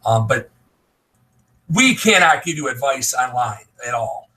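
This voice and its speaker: A man's voice: mid-range voice, lively intonation, a little slow, pushed and bright, low-quality recording. An American man in a live video call, giving emphatic, laughing advice in casual chat. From United States. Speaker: online business promoter.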